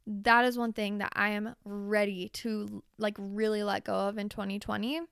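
Woman, solo podcast host, chatty and candid, casual swearing, vocal fry, smooth tone. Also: mid-range voice, level tone, moderate pace, fairly bright tone, dry recording, clean studio sound. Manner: chatty, with frequent fillers.

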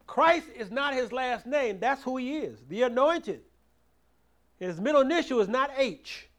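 A man's voice: very high voice, expressive, measured pace, fairly bright tone. A man teaching a bible study in a preacherly way, stressing key words and calling on his group to answer back. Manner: preacherly, rising and falling emphasis, call-and-response; repeats and restarts words.

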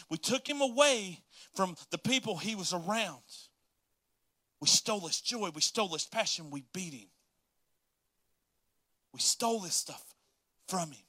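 Male preacher as a scheming, gloating devil; low, hushed taunts with a bright edge, brief sermon aside. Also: lively intonation, measured pace, long pauses, dry recording, full character voice.

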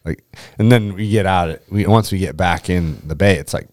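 A man's voice: low voice, moderate pace, darkish tone. A young man telling a story in casual chat. He swears often, says "like" a lot and acts out his friends' lines. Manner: swears often, heavy use of "like".

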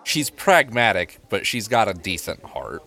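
Deep-voiced man running a tabletop game. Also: measured pace, creaky. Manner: relaxed, improvising, laid-back. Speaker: game master.

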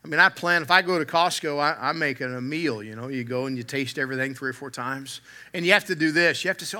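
A man's voice: fairly high pitch, fast, bright, forceful tone. A man preaching a sermon from the pulpit, mixing humor with earnest emphasis that swells and drops. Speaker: pastor.

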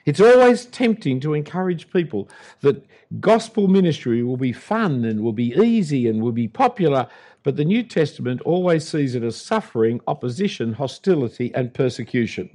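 A man's voice: mid-range voice, big pitch swings, normal speed, a little mellow. An older man with an Australian accent preaching a sermon as an Anglican pastor, emphatic and punchy, with dry humour.

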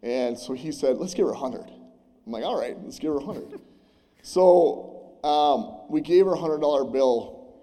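A man sharing a personal testimony at church, earnest and halting, with many restarts and fillers, his voice breaking as he grows tearful. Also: on the high side, expressive, dark tone. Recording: long hall reverb.

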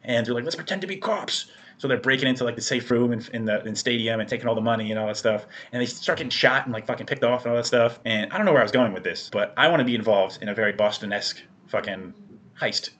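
A man's voice: medium pitch, fairly even intonation, fast, fairly bright tone. A young man in casual chat, telling rambling, profanity-filled stories as a podcast co-host.

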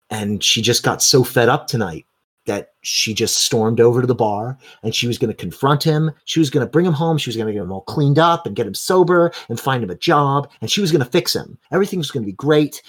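A man narrates a tabletop game as its game master. His voice has a husky, breathy grain. He tells the scene in long, vivid run-on strings of detail. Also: on the low side.

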